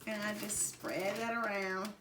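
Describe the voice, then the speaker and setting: A woman's voice: mid-range voice, unhurried. A woman host with a Southern US accent gives a cooking demonstration in a home kitchen. She chats directly to her viewers and laughs often. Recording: loud mixer noise and clicks.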